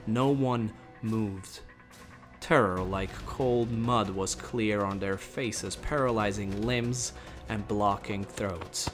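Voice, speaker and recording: A man reading a fantasy story aloud in a measured, steady storytelling voice. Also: on the low side, soft background music. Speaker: narrator. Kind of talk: dramatic audiobook narration.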